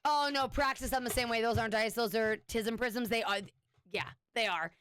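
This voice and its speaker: A woman's voice: fairly high pitch, normal speed, a bit bright, a little hiss or hum. A woman streamer chatting casually with her viewers, rambling and swearing now and then. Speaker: Twitch streamer.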